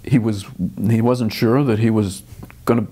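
A man's voice: on the low side, fairly even intonation, moderate pace, dark tone. An older man, a film director, talking thoughtfully in an interview with frequent restarts. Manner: thoughtful, restarts often, dry chuckles. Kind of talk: interview conversation.

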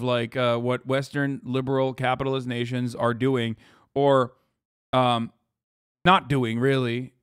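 A man's voice: medium pitch, smooth, dry recording, clean studio sound. A man hosting a livestream, reacting casually with profane, sarcastic, rambling talk full of restarts. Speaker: livestream host. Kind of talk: casual stream reaction commentary.

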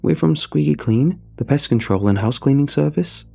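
A man's voice: on the high side, lively intonation, normal speed, gravelly, dark tone, faint music behind, voice pushed up. A man voicing a charming portly pest-control worker. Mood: breezy.

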